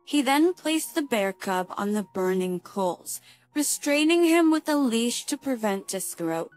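A woman narrating a dramatic story in an even, measured reading voice. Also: fairly high pitch, no room sound, faint music behind.

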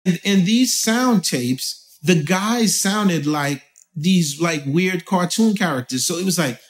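A man from Haiti talking as an interview guest, telling stories in a loose, animated way with lots of fillers. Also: high voice, slow pace. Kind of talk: casual conversation.

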